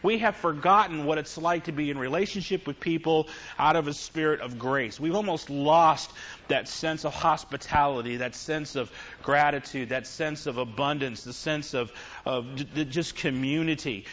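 Middle-aged guy preaching, kinda high voice, jokey confessional stories, muffled lo-fi recording. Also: moderate pace, fairly bright tone. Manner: humorous, confessional storytelling to a congregation. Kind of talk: sermon. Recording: dull lo-fi recording.

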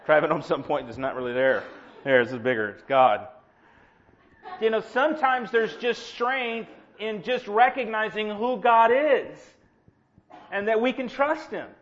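Animated sarcastic male preacher, lo-fi. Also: high-pitched, unhurried. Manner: animated, sarcastic, self-mocking asides. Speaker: pastor. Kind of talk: sermon. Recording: dull lo-fi sound.

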